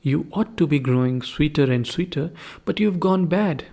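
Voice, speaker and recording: A man's voice: fairly high pitch, expressive, moderate pace, creaky, darkish tone. A man voicing a poor, pious husband who lectures his wife in a sermonizing way. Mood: lecturing.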